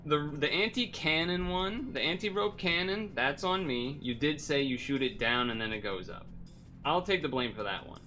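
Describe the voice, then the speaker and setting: A young man mutters his way through a video game stream, his voice dropping low when he sulks and jumping up when things break. He swears freely and keeps complaining aloud. Faint game music sits under his talk. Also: lively intonation, normal speed, pushed and bright. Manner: frustrated, swearing, muttering then exclaiming. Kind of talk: live gameplay commentary.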